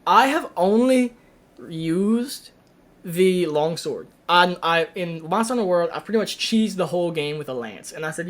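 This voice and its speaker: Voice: mid-range voice, lively intonation, normal speed. A game reviewer in a casual, venting rant, talking loosely with many fillers and restarts.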